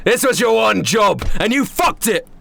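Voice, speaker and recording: A man voicing a furious, wrinkled master chef with a put-on British accent, shouting and swearing at everyone. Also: a little high, expressive, moderate pace, no room sound, voice pushed up. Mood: raging.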